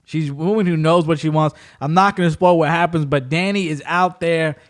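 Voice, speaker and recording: A man hosting a podcast, telling stories in an animated way, acting out quotes and laughing often. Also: a little high, a little fast. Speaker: podcast host. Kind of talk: casual chat.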